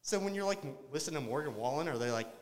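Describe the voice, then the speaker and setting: A man's voice: fairly high pitch, animated, very fast, a little hiss or hum. A man doing a crude, rambling stand-up set after a few drinks, talking to the crowd and laughing at his own jokes. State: tipsy. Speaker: stand-up comedian. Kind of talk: open-mic stand-up set. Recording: long hall reverb.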